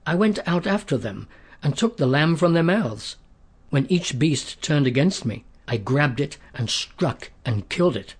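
A man voicing a brave, faithful young shepherd who speaks earnestly and boldly in a storybook reading, in a husky voice. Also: fairly high pitch, very animated, unhurried, full character voice. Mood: confident. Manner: earnest, bold.

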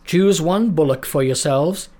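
A man voicing a bold, defiant male prophet in a storybook reading, speaking in a booming, solemn, slow proclaiming way. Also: a little mellow, natural voice. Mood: commanding.

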